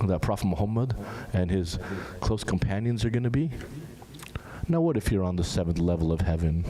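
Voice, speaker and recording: A young man giving an informal sermon to a large gathering, talking to the audience in a conversational way and asking them questions. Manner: conversational, asks the audience questions, animated rises in pitch. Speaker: speaker at a Muharram gathering. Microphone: handheld microphone. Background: crowd of listeners.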